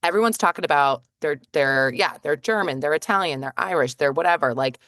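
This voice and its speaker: A woman co-hosting a chatty podcast, her voice sitting a little low for a woman. She tells stories with quick asides and plenty of fillers. The sound is close and dry, with no room echo. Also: fairly bright tone. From northeastern United States. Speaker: podcast co-host. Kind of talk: casual chat.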